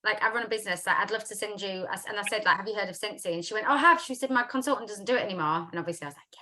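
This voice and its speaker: A woman's voice: mid-range voice, rapid-fire, sharp tone. A woman hosting a casual live video chat, upbeat and chatty, with lots of fillers. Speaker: host of a business chat.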